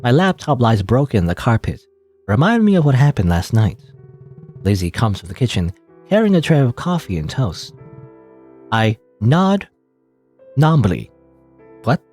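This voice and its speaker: A man's voice: mid-range voice, sing-song, normal speed, pauses often, a little mellow, soft background music. A man reading a story game aloud dramatically, with joking asides and laughs at his own slips. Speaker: let's play host.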